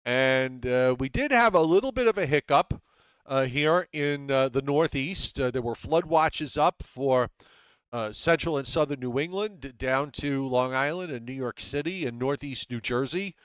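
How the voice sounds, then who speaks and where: A man hosting a live weather show, talking in a relaxed way with many fillers. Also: medium pitch, normal speed, smooth, dry recording, lo-fi sound. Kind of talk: live weather broadcast chat.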